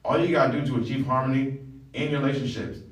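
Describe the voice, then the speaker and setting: A man's voice: medium pitch, steady tone, fast, distant mic. Blunt, preachy male wellness coach, recorded off-mic in an echoey room. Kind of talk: motivational monologue. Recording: roomy, from off the mic.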